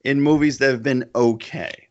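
A man co-hosting a casual podcast chat, animated and joking as he reads aloud with emphasis. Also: mid-range voice, normal speed. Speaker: podcast co-host. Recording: dull lo-fi sound.

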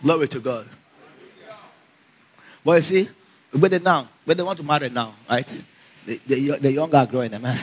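A man preaches in a mid-range voice with a breathy edge, speaking at normal speed and leaving long pauses. He's a lively storyteller who laughs often and calls out for the congregation's responses.

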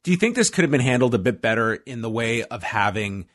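Male podcast co-host, mid-pitched, dry close-mic sound, steady recap delivery with deadpan asides. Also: fast talker, no room sound. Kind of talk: casual chat.

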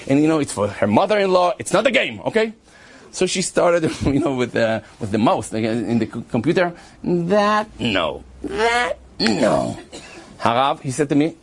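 A young man in his twenties tells a story in English, his pitch swinging wildly as he acts out every voice and bursts into laughs and shouts. His voice sits a bit high with a husky, breathy edge. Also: big pitch swings, moderate pace. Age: 20s. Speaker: storyteller addressing a rabbi. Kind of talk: animated storytelling.

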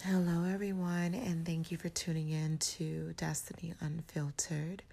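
A woman with a low, gravelly voice hosts her podcast in a casual motivational monologue. She sounds raspy and hoarse from recent illness, speaking slowly and reflectively, pausing to search for her words. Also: level tone. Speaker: podcast host.

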